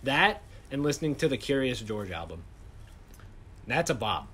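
A young man hosts a casual podcast chat in a bright, ringing voice. His pitch leaps around as he tells animated, joking stories, with a faint hiss under the recording. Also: moderate pace. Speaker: podcast host.

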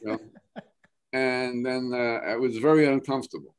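A man with a New Jersey accent, a guest actor chatting casually, halting often and restarting his sentences, with plenty of swearing. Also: mid-range voice, fairly even intonation, clear, resonant tone. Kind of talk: casual chat.

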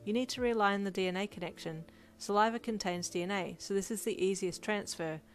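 A woman voicing a matter-of-fact male medical specialist with a deadpan delivery, in a storybook reading. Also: medium pitch, brisk, close to an everyday voice.

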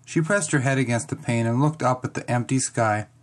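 A reader narrating a first-person children's chapter book, expressive and dramatic. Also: mid-range voice, fairly quick. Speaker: audiobook reader.

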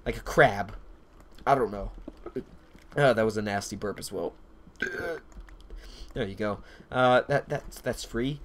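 A man's voice: lowish voice, a little slow, pauses often. A man chatting casually over his gameplay, rambling off topic with lots of swearing. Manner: rambling, profane, off-topic storytelling. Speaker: gameplay commentator. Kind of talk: casual let's-play commentary.

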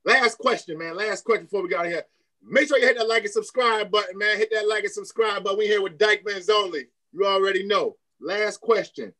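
A male host with a high, bright, crisp voice runs a casual interview. He reacts in short bursts and asks rambling, slangy questions. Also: fairly quick. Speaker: podcast host.

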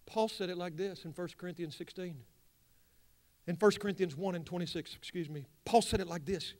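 A pastor with a notably high voice delivers a sermon in a church. He drops into quiet, confiding asides, then builds and rises to loud, ringing declarations. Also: brisk. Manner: swings from hushed asides to loud rising preaching. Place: church sanctuary.

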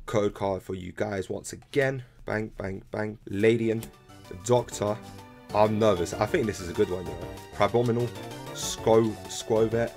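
Young guy ripping packs, low gravelly voice, bit of music in the back. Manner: excitable, slangy, talks to viewers. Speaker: card-opening video host. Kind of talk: casual card-opening commentary. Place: room at home. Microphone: laptop camera.

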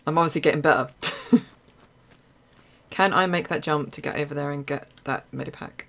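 A young woman with an Essex accent, chatting casually through live gameplay commentary with quick exclamations and frequent laughs. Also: deep voice. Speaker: streamer.

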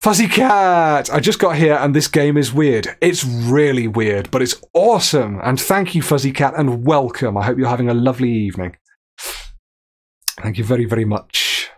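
A man's voice: medium pitch, moderate pace. A man streaming a game, joking his way through it and reading texts and chat messages aloud. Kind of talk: gameplay commentary.

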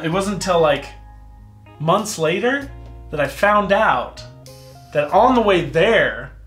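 A man's voice: sits high, a bit bright. A man from the United States telling a long, rambling story with laughs as a guest on an interview show. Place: indoor set, eating spicy wings. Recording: roomy room with faint music.

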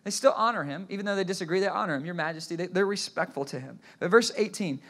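A man preaching a sermon as pastor, telling stories in an animated way, often restarting his phrases and asking the congregation to repeat words after him. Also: high voice, fast.

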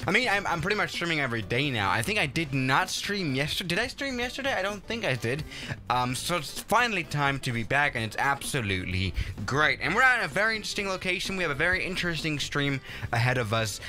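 A young man hosts a flight-sim stream in a casual, rambling way, often restarting his sentences. His voice is bright and slightly high, and it swings all over as he gets excited. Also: fast talker. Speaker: live stream host.

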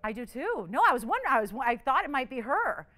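A woman's voice: sits high, big pitch swings, fast talker, bright, forceful tone. A woman hosting a live jewelry shopping auction, bubbly and chatty, teasing her crew as she calls out the bids.

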